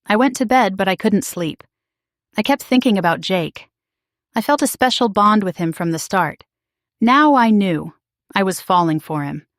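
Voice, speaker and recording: A woman's voice: medium pitch, dry recording, clean studio sound. A woman reading a first-person story in short, simple, carefully spoken sentences for English learners.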